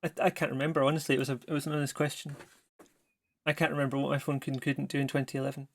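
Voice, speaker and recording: A man's voice: medium pitch, level tone, rapid-fire, gravelly. A man narrating a tabletop game as game master, chatty and prone to asides. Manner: chatty, self-correcting, apologetic asides.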